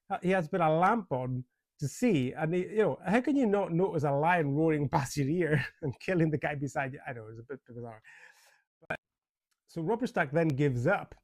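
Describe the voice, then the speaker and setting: A man's voice: on the high side, a little mellow, dry recording. A man giving a casual spoken movie review, chatty and amused, with many fillers, restarts and frequent chuckles. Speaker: film reviewer.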